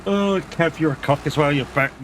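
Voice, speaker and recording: Sweary English streamer bantering with chat. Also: male voice, on the high side, moderate pace, slight background noise. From England. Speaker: live streamer. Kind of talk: casual chat while gaming.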